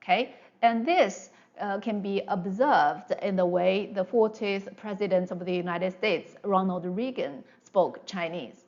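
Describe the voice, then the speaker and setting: Slow, patient woman teaching pronunciation. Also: medium pitch, a little mellow, highs cut off. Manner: patient, explanatory, drills sounds one by one. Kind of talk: online language lesson.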